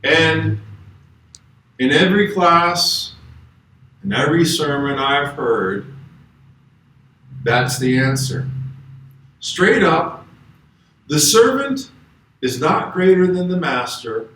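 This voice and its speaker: A man's voice: fairly high pitch, big pitch swings, slow pace, long pauses, fairly bright tone. A man guest preacher giving a conversational, emphatic sermon in a church and reading scripture aloud. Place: church sanctuary. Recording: echoey church hall from far off.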